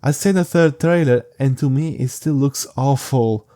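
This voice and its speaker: A young man with a mellow, unforced voice hosts his podcast solo. He sounds sleepy and drifts from point to point, stumbling over restarts. He stays frank and casual throughout. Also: medium pitch. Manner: rambling, halting, frank. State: sleepy, yawning. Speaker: podcast host.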